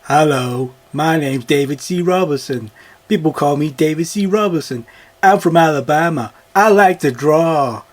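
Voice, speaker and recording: A man doing a mocking impression of a slow-witted Southern man from Alabama in a voicemail, with a simple drawl. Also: on the high side, natural voice. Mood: goofy.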